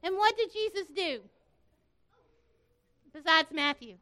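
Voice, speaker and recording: A woman with a very high, bright voice leads a children's group with songs and a short Bible lesson. She calls out loud and cheery and keeps the kids answering back. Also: animated, slow pace. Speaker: children's program leader.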